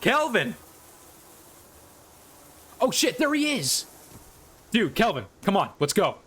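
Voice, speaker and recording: A man doing live gameplay commentary on a desk mic at home, excitable and cursing as he yells at enemies. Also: sits high, takes it slowly, breathy edge. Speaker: gaming YouTuber. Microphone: desk condenser mic.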